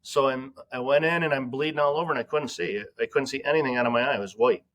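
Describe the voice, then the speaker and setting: Guy broker telling stories on a podcast, regular pitch, laughs a lot. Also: fast, a bit bright. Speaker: guest broker. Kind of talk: casual podcast chat.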